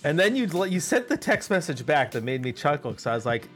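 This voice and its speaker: A man's voice: on the high side, very animated, fairly quick, faint music behind. A man co-hosting a casual podcast who teases his friend and chuckles as he talks. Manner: teasing, chuckling, playful. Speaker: podcast co-host.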